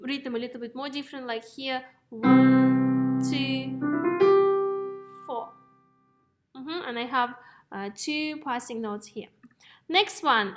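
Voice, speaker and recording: High-voiced woman teaching music theory. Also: a bit bright. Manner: explains step by step, checks in with "okay?" and "yes?". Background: piano notes played between phrases.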